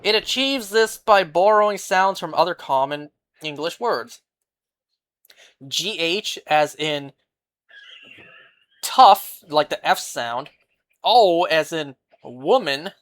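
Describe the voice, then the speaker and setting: Laid-back streamer voice, slow unhurried talk, kinda rambly and baffled by chat. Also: mid-range voice, expressive, fairly bright tone. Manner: rambling, incredulous reactions to chat. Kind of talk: casual live-stream chat while playing.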